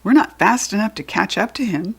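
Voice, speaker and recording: A woman's voice: medium pitch, animated, a little fast, gravelly, husky. A woman reading a bold young heroine. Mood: worried. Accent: American. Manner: urgent, bold. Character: brave determined young girl heroine.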